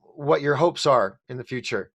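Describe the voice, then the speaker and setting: A man's voice: medium pitch, expressive, normal speed, vocal fry, no echo. A male host with a mid-range voice, chatting casually and prompting his guest. He sounds easygoing. The sound is dry and close-miked. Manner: easygoing, brief responses. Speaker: show host. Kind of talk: casual interview chat.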